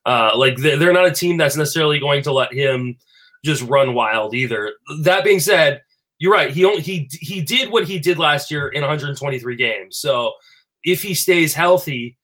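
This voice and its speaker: A man talking fantasy baseball in a casual chat, animated and full of fillers and restarts. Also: on the high side, normal speed. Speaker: fantasy baseball podcast panelist.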